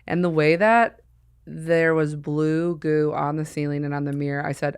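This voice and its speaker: A woman's voice: deep voice, fairly even intonation, normal speed, a little mellow, a little hiss or hum. A woman hosting a podcast, rambling and joking in casual chat and putting on silly voices for the people in her stories. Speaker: podcast host.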